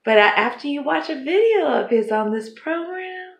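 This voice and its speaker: A woman's voice: high voice, lively intonation, moderate pace, gravelly. Tired, rambling, foul-mouthed middle-aged woman. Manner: rambling, profane, laughs often. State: tired, up all night. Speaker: vlogger. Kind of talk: casual rambling vlog. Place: at home.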